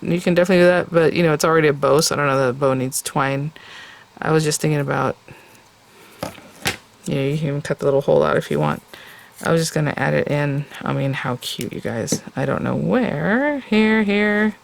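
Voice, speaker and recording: A woman's voice: low-pitched, fairly quick, vocal fry, a little hiss or hum. A woman hosting a casual step-by-step craft tutorial, chatty and enthusiastic and talking straight to her viewers.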